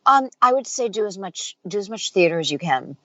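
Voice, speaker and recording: Lively woman voice actor, dry sound. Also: mid-range voice, fairly quick, dry recording, lo-fi sound. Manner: animated storyteller, acts out quoted voices. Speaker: voice actor and dialect coach. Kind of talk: casual interview chat.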